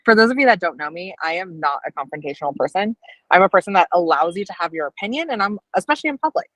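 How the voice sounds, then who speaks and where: A woman's voice: lowish voice, expressive, fast, a bit bright, no room sound, rough recording. A woman co-hosting a casual live stream, a dietetics student who talks in chatty, meandering stories full of fillers. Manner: chatty storyteller, many "like"s and restarts.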